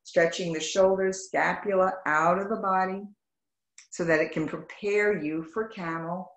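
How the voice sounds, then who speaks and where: A woman yoga instructor teaching a live class over a video call, calling out poses in brisk, clipped commands and greeting students warmly by name. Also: fairly low pitch, steady tone, roomy sound, rough recording. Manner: brisk rapid-fire commands in short clipped phrases. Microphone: video call microphone.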